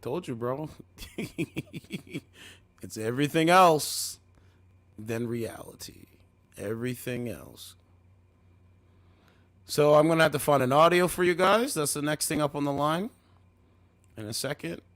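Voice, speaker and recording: Man, livestream host, slightly high voice, mocking, needling, repetitive questions. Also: expressive, measured pace, long pauses, a bit bright. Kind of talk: confrontational livestream talk.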